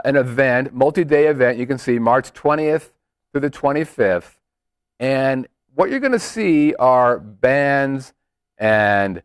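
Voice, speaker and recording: A man co-hosting a relaxed chat, joking and playful, his pitch swinging widely. The sound is close and dry. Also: clean tone, no echo. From Las Vegas. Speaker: podcast co-host. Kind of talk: casual chat.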